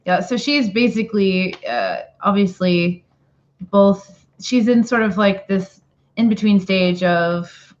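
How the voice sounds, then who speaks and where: A woman's voice: mid-range voice, expressive, takes it slowly, lo-fi sound. A woman player chatting casually at a tabletop game, thinking aloud with plenty of fillers, over a video call.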